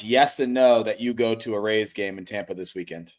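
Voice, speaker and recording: A man co-hosting a casual sports betting show over a video call, voice worn from losing it, teasing in a dry, deadpan way. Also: on the low side, fairly quick. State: lost his voice. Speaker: podcast co-host.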